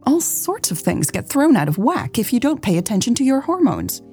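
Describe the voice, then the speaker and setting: A woman's voice: a little high, big pitch swings, moderate pace, warm tone, soft background music, voice pushed up. Woman voicing a chirpy old grandma. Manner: chirpy and blunt. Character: cheerful outspoken elderly grandmother.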